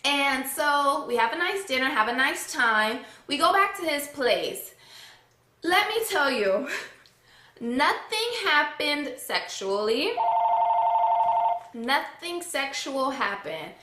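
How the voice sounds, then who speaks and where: A young woman with a bright, high voice tells her own story in a casual, dramatic way, cursing freely. Her voice rings in an echoey room. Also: takes it slowly. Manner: animated, dramatic, swears freely.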